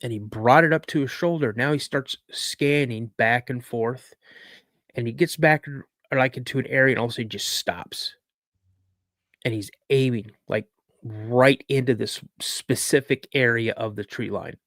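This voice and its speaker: A man's voice: medium pitch, normal speed, fairly bright tone, dry recording, clean studio sound. A man in his fifties, a podcast guest telling a personal story in a chatty way with many asides. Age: 50s. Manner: conversational, frequent "you know".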